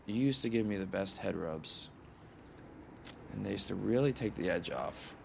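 An actor playing a lost young man who has lost his job, talking in a halting, hesitant way, outdoors by a lake. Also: fairly low pitch, lively intonation, vocal fry, slightly rough, exaggerated voice. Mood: teasing. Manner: halting, hesitant, full of restarts. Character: lost young man, jobless, wry and tearful. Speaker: film character. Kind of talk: naturalistic film acting.

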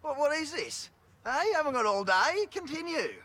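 An actor playing a crude, boastful Australian career criminal who swears constantly and bosses people around, in a film drama. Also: male voice, mid-range voice, normal speed, fairly bright tone, natural voice. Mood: bossy. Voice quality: coarse, swears constantly, bossy. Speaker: convicted criminal giving a television interview.

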